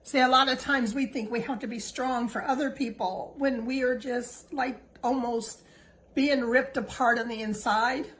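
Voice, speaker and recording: A middle-aged woman hosting a heartfelt, reflective monologue. She speaks in a gentle, reassuring way and sounds emotional, close to tears. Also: on the high side, steady tone, moderate pace, slight background noise, low-quality recording. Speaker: host.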